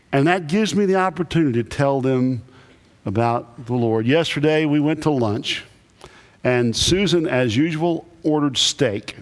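A man who is a Baptist pastor, preaching a sermon with emphatic, animated delivery and lots of repetition. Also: on the high side. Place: church sanctuary. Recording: echoey church hall.

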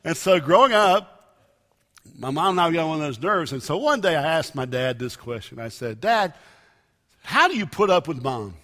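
Man preaching, high voice, bright tone, emphatic swings, long hall reverb. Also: big pitch swings, moderate pace. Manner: emphatic preaching with sudden loud rises and soft drops. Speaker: pastor. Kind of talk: sermon.

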